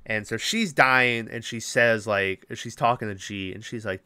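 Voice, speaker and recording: Male podcast host, smooth clear voice, dry close sound, rambling profane recap. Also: fairly low pitch, measured pace, dry recording. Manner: animated, swears freely, rambling with fillers. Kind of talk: casual movie recap.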